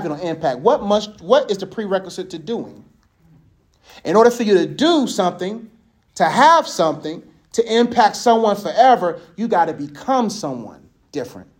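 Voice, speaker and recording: Laughing, chatty male preacher. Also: high-pitched. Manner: animated, laughing, conversational. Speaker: speaker. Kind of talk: casual sermon with storytelling.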